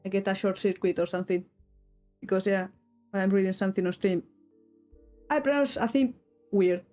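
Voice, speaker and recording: A young woman from Spain, mellow and steady at medium pitch and moderate pace, draws while talking to her stream in English with a Spanish accent. Faint music sits behind her rambling, self-interrupting, giggly chatter.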